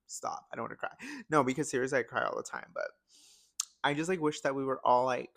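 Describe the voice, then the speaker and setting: A man's voice: mid-range voice, fairly even intonation, brisk, creaky, fairly bright tone, dry recording. A young man hosting a podcast alone, chatting casually and emotionally, with many fillers. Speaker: podcast host. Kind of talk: casual solo chat.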